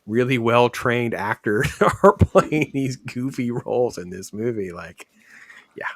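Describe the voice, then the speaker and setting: A man hosting a casual podcast film discussion, relaxed and rambling with fillers. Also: mid-range voice, measured pace, no room sound, studio quality. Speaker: podcast host.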